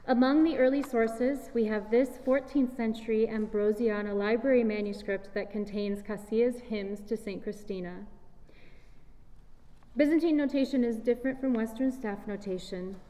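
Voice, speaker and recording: Woman, singer-presenter, measured lecture, mellow tone, long hall reverb. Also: fairly high pitch. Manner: measured, explanatory, sings short chant fragments. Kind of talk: scripted lecture-recital talk. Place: large hall.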